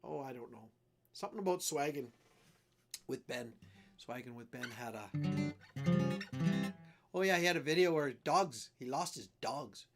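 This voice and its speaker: A man from Canada chats loosely on a livestream, wandering from topic to topic with self-mocking asides. His pitch sits mid-range, and guitar music plays behind him. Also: animated, moderate pace, long pauses, a bit bright. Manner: rambling, self-deprecating, jumps between topics. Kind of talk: casual livestream chat.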